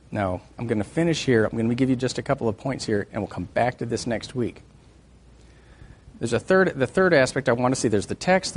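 A middle-aged man teaching a class on music and faith, lively and joking, breaking into sung and hummed examples. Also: medium pitch. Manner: animated, sings and hums examples, jokes with the class.

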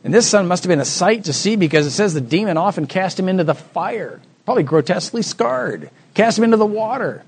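A man preaching a sermon, acting out the voices of the Bible story with dramatic swings from soft to loud. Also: high voice, animated, a little fast, hardly any pauses, husky.

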